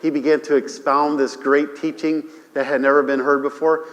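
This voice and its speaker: A man's voice: mid-range voice, moderate pace. Guy preaching in a big echoey church, mid voice, calls out amen a lot. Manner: animated preaching, calls for amens, repeats himself. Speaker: pastor. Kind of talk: sermon. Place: church sanctuary.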